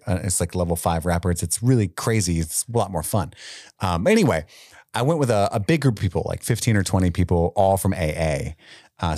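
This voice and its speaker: A man's voice: low voice, dry recording, studio quality. A man co-hosting a podcast, telling a story and recapping a film in casual chat, acting out quotes as he goes. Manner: animated storytelling, acts out quotes. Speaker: podcast co-host.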